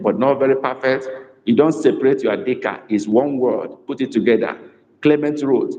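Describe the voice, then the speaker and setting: A man teaching a live online language class, dictating phrases slowly and repeating them, praising students by name. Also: medium pitch, a little mellow, muffled recording. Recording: echoey room with long reverb.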